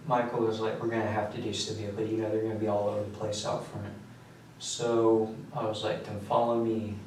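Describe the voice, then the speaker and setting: Teen male suspect, halting and quiet; distant mic, echoey room, faint hiss. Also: fairly low pitch. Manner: quiet, halting, with many fillers. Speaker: suspect under interrogation. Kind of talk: recounting events in a police interview. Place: interrogation room.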